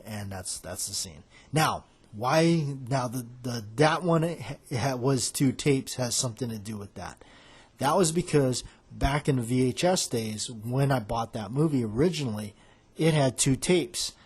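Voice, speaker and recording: A man's voice: medium pitch, lively intonation, unhurried, slightly rough. A man hosting a podcast in casual chat, rambling as he retells film scenes. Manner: rambling, loosely acting out quoted lines. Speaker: podcast host.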